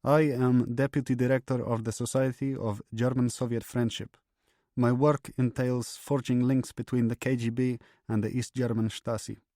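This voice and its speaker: A man voicing a calm young male Russian intelligence officer who answers formally and without hesitation, over loud background music. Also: medium pitch, normal speed, dry recording, studio quality, pitched above the performer's own voice, close to an everyday voice. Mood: composed. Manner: steady, unhesitating, formal. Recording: loud music bed under voice.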